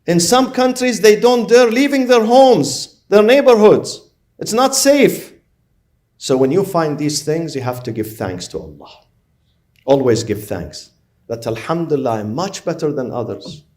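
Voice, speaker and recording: A man's voice: fairly high pitch, sing-song, measured pace, a little mellow. A man preaching a sermon as a religious lecturer, stressing his points by repeating and listing short phrases. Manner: emphatic, repeats and lists phrases.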